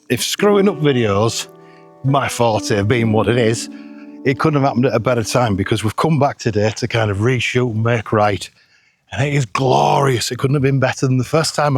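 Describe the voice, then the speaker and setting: A middle-aged man, chatting casually and joking at his own expense while vlogging outdoors on a hillside. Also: medium pitch. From England. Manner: chatty, self-deprecating, jokey. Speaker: photography vlogger.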